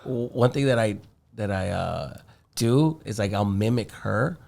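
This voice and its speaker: A man's voice: on the low side, a little slow, creaky. A man, a stand-up comedian, chatting casually on a podcast, laughing often and swearing as he tells stories. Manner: laughing, animated, swears a lot, does mocking voices.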